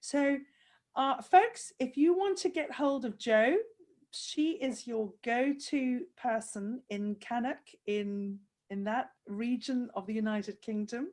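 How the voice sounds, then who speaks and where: Woman host, a bit high-pitched, gushing and teary on a video call. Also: takes it slowly, a little mellow. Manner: effusive, tearful praise. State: crying. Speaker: host of handwriting program. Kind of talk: emotional interview over video call.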